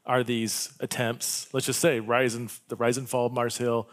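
A man's voice: medium pitch, flat delivery, normal speed. Affirming male podcast interviewer. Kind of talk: interview questions and backchannel.

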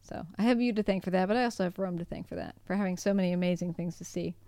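A woman's voice: lowish voice, racing, mellow, no echo. Giggly self-deprecating young woman. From United States. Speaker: podcast co-host. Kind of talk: casual chat.

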